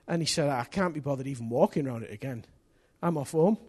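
A man preaching a sermon in a church, telling a story with energy, rising to excited shouts and dropping to near whispers. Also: mid-range voice, fast talker, husky. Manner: swings from hushed to excited shouting; lively storyteller with local place names and slang.

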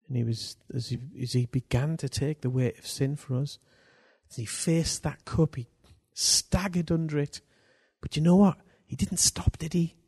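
A man preaching a sermon, swinging between hushed lines and loud, drawn-out bursts for emphasis. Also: a little high, steady tone, husky.

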